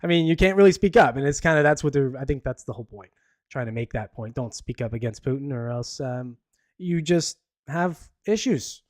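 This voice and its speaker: Speaking at a quick pace with a medium-pitched voice, this solo podcast host rambles chattily through the news, sharing opinions amid fillers and false starts. The sound is dry and studio quality.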